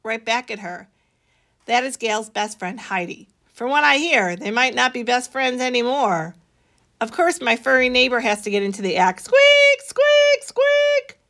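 A woman reading a children's story aloud, expressive, with a bright, animated delivery. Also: normal speed. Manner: expressive, voices the children's dialogue higher.

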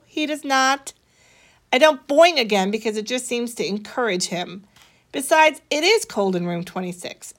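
A woman reading a children's story aloud, expressive, with a bright, animated delivery. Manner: expressive, voices the children's dialogue higher.

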